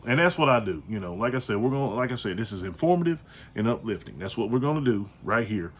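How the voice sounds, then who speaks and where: A middle-aged man talks alone into his podcast mic, loose and chatty. He repeats himself a lot and jokes around in easy slang. His pitch sits at an ordinary middle level for a man. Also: very animated, fast talker, a bit bright, breathy edge. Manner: chatty and repetitive, slangy, joking. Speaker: podcast host. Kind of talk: casual solo podcast monologue.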